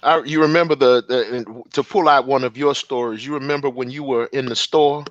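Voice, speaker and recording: A man's voice: medium pitch, fairly even intonation, fairly quick, no echo, muffled recording. A man co-hosting a casual talk show, chiming in with brief agreement and recalling shared stories. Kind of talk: casual chat.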